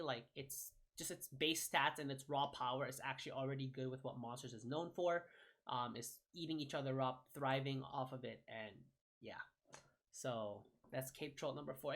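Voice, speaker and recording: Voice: mid-range voice, a bit bright. A young adult gaming creator giving casual card-ranking commentary, rambling and often correcting and hedging mid-sentence.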